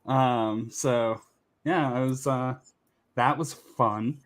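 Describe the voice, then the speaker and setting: A man co-hosting a podcast who tells his story hesitantly, with many pauses and ums. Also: mid-range voice, fairly even intonation. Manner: hesitant, with frequent ums and restarts. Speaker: podcast co-host. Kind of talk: casual chat.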